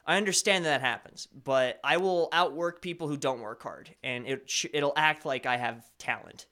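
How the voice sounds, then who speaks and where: Chatty, bright-voiced American man. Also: fairly high pitch, normal speed. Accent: slight Colorado American. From Colorado, USA. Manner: rambling, self-correcting, chatty. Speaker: live stream host. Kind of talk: casual chat answering viewer chat.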